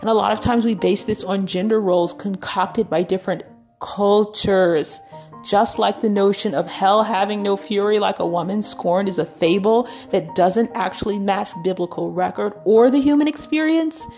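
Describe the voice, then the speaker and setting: A woman's voice: medium pitch, normal speed, darkish tone, faint music behind. Chatty woman giving a Bible teaching. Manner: chatty, often asks "right?" and says "you know".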